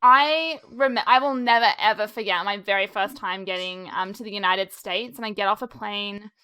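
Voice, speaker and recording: A woman's voice: medium pitch, normal speed, pushed and bright, smooth, rough recording. A woman from Australia hosting a community stream, bubbly, reading chat requests and telling stories. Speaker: stream host. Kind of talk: casual chat.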